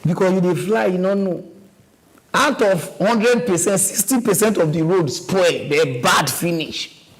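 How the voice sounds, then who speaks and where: A man with a Nigerian accent hosts a mock news segment in a loose, rambling comic rant. His voice sits high, and he talks in an animated, wandering way, slipping into pidgin. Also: moderate pace, a little hiss or hum, poor audio. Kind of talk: comic ranting commentary.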